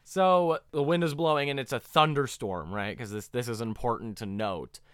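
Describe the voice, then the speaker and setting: Animated man recapping a show. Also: medium pitch, normal speed, clean tone, no echo, studio quality. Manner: animated storytelling, laughs often. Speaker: podcast co-host. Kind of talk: casual chat recapping a show.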